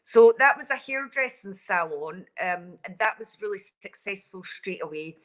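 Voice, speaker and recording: A woman's voice: medium pitch, animated, moderate pace, a bit bright, poor audio. A Scottish woman in her forties, chatting as a guest over a mobile phone and laughing easily. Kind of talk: casual call-in chat. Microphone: mobile phone over wireless.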